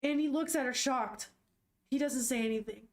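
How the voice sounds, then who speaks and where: Woman, high voice, casual manga read-aloud, excitable, swears, exclaims in surprise. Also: normal speed. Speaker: manga reader, streamer.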